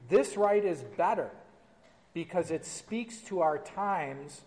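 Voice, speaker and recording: A man's voice: high voice, lively intonation, slow pace, a little mellow, in a large hall, low-quality recording. A man teaching a church class as pastor, explaining and reading formal liturgy aloud in a conversational way.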